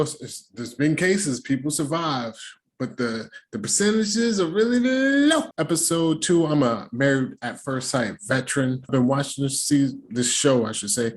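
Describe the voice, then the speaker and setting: A middle-aged man hosting a casual show recap, talking in slangy, animated asides and jokes. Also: mid-range voice, a little hiss or hum. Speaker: recap host.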